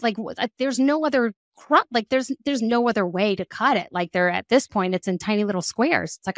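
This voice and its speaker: A woman speaks as a guest expert on children's emotions, sounding like a mother of two. She talks in an animated, conversational way, filling gaps with "like". Her voice sits in a middle register, recorded close and dry. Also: medium pitch, fairly quick, gravelly, few pauses, dry recording. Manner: animated, acts out quoted voices, frequent "like". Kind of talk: conversational podcast interview.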